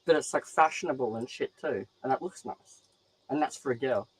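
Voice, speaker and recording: A young man with an Australian accent talks loosely and animatedly, peppering his speech with swearing. His pitch sits right in the middle, and he jumps from thought to thought in easy casual chat. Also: brisk, breathy edge, rough recording. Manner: profane, rambling, animated.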